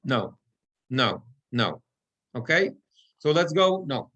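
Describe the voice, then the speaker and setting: A man's voice: mid-range voice, big pitch swings, slow, pushed and bright, low-quality recording. A man teaching a class on Torah reading as cantor, explaining chant rules and chanting Hebrew verses. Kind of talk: online class lesson.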